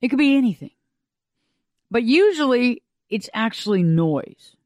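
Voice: mid-range voice, sing-song, a little slow, no echo. A radio talk show host, delivering a folksy, conversational monologue.

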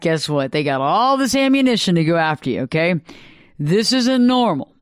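A radio talk show host with a high voice and a smooth, resonant sound gives emphatic lectures on his live advice program, hammering points through repetition. He's very animated at a moderate pace, and the audio is close and dry with barely any echo.

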